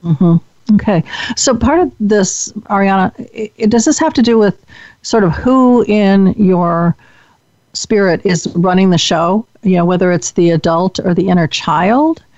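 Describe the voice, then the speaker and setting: A woman's voice: medium pitch, unhurried, a little mellow, no echo, highs cut off. A woman hosting an interview, summarizing and affirming her guest's points in a reflective way. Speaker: host.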